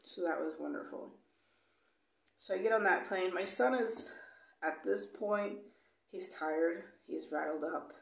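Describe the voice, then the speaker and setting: Recorded in an echoey room, this vlogger speaks on the low side with vocal fry. Her travel story is casual and blunt, full of swearing, "like," and "you know," and she performs the dialogue as she goes.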